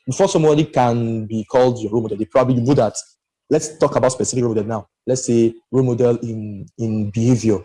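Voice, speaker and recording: Mellow man talking animatedly. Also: mid-range voice, fast talker, rough recording. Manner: animated and emphatic, rambling with restarts. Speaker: podcast panelist. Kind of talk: casual discussion.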